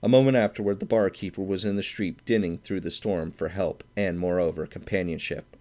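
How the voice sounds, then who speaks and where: A man narrating a classic short story aloud in a measured, steady audiobook reading. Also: deep voice. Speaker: audiobook reader.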